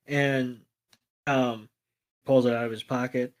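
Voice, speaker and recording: A man's voice: medium pitch, fairly even intonation, unhurried, fairly bright tone. A man co-hosting a podcast, recapping an episode loosely with plenty of fillers. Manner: rambling, loose delivery with many fillers. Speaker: podcast co-host.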